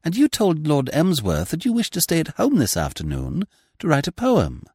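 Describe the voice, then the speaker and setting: A man's voice: on the high side, huge pitch swings, normal speed, darkish tone, breathy edge, no room sound, studio quality, voice pushed up, heavily acted. Man doing a gushing, fluttery lady poet. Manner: effusive, fussy, falsely solicitous. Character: gushing, sentimental middle-aged lady poet.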